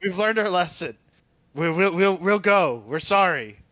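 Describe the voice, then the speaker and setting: A man's voice: high-pitched, expressive, measured pace, pushed and bright, dry recording, lo-fi sound, pitched above the performer's own voice, full character voice. A man voicing a trapped bandit who bargains for his life in plain, pleading speech. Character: trapped surly male bandit, cowed and bargaining.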